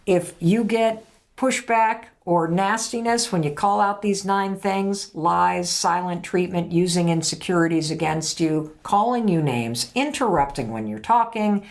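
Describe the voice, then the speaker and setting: A woman's voice: lowish voice, measured pace. A woman hosting a podcast, giving direct, emphatic motivational advice and acting out what partners say. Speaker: podcast host.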